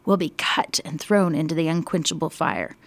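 A woman voicing a fiery male desert prophet who proclaims loudly at crowds. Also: deep voice, moderate pace, no echo. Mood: fierce. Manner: loud, forceful proclaiming. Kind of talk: acted Bible story quotes.

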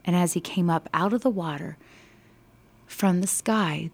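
A woman telling a Bible story, expressive, slow and emphatic. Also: on the low side, creaky.

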